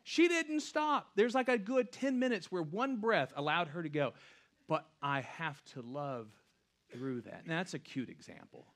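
A man in his thirties, a pastor giving a casual, conversational sermon that swings from hushed reflection to loud storytelling. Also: fairly high pitch, animated, measured pace.

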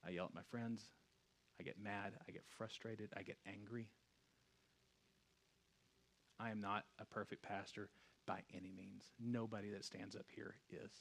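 A man in his thirties, a pastor giving a casual, conversational sermon that swings from hushed reflection to loud storytelling. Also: fairly low pitch, flat delivery, moderate pace, gravelly.

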